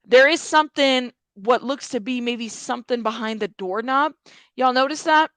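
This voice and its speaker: A woman's voice: fairly high pitch, moderate pace, fairly bright tone, no room sound. A woman commentating casually on bodycam footage, talking straight to her viewers. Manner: chatty, addresses viewers directly. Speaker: true crime commentator.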